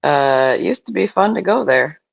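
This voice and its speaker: A man from the United States co-hosting a live chat, rambling with halting starts. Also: on the high side, lively intonation, gravelly. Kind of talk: casual chat.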